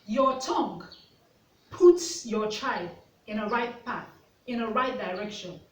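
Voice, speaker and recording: A woman's voice: on the high side, slow pace. Earnest mother sharing lessons. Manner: earnest, repeats rhetorical questions to the viewer. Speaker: vlogger, mother and part-time teacher. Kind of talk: reflective storytelling to camera. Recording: roomy, distant mic with faint ambience.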